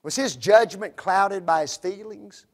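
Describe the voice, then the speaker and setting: Very high-voiced male preacher. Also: a little slow. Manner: rhetorical questions, dramatic drops to quiet. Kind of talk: sermon.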